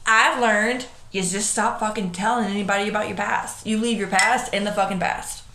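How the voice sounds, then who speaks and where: A woman's voice: medium pitch, fairly even intonation, normal speed, sharp tone, a little hiss or hum. Female podcast co-host, blunt and profane, mid-range voice, roomy sound. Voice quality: blunt, swears constantly. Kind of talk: casual chat. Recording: roomy echo.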